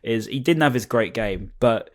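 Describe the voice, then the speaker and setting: A man's voice: mid-range voice, expressive, normal speed. A man, a podcast co-host in casual, enthusiastic football chat over a video call. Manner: chatty, enthusiastic, many restarts and fillers.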